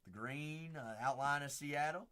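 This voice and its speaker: A man hosting a live card break, calling out players and teams as he opens packs, chatting with viewers by name and shouting on big pulls. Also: fairly high pitch, a little slow, clear, resonant tone. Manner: chats with viewers by name between cards.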